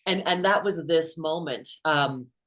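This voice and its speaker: A middle-aged woman author, a guest in an interview, telling personal stories in an animated way and acting out the quotes. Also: low-pitched, unhurried. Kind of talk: conversational interview storytelling.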